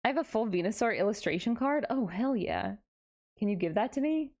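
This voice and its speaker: Her voice is a little high and darkish in tone, with lively intonation and a brisk pace. The young VTuber streams live late at night, giddy with tiredness, teasing herself and playfully reading her viewers' chat aloud before answering it.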